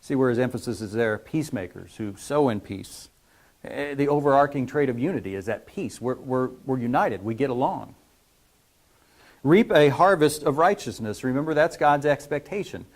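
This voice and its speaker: A man's voice: medium pitch, animated, moderate pace. A man preaching a conversational sermon, asking his congregation questions as he teaches. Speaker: pastor.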